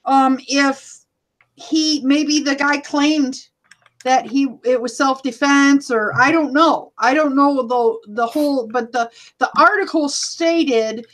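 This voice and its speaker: An American woman with a high, light voice hosts a relaxed podcast chat. She talks in a loose, chatty way and reads out viewer comments between her own remarks. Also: takes it slowly. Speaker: podcast host.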